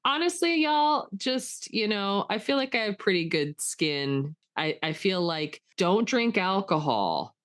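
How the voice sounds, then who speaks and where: A woman co-hosting a podcast in casual chat, talking in an animated way with plenty of fillers. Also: mid-range voice, a little slow, few pauses. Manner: chatty, animated, many fillers. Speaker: podcast co-host.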